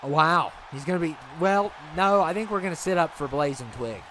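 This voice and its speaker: A man's voice: a little high, animated, moderate pace, fairly bright tone, slight background noise. A man hosting a livestream, chatting casually and rambling with his viewers, laughing easily. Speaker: livestream host.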